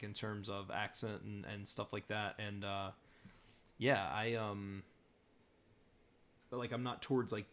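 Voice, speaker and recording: A young man with a fairly low, slightly bright voice hosts a casual live-stream chat, rambling and filling pauses as he goes through viewer comments. He's from southern Virginia, and his General American speech shows a slight regional tinge.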